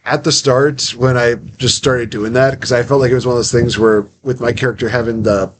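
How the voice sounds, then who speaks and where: A man's voice: mid-range voice, little pitch movement, brisk, noisy background. A young man hosting a casual interview, chatty and rambling, acting out little quotes as he tells stories. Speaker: podcast host.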